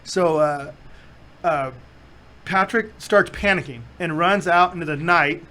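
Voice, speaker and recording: Fairly high in pitch and a little slow, a male podcast host tells casual stories with plenty of laughter, performing the quotes as he goes.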